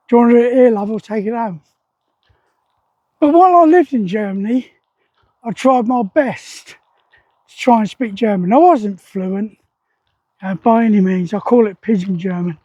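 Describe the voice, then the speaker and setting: A man in his sixties talks in a rambling, plain-spoken way, with a strikingly high voice. His tone is soft and mellow. The sound is dry and a little dull and muffled, recorded outdoors. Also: no echo. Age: 60s. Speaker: army veteran vlogger. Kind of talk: casual spoken vlog. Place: outdoors beside a loud weir.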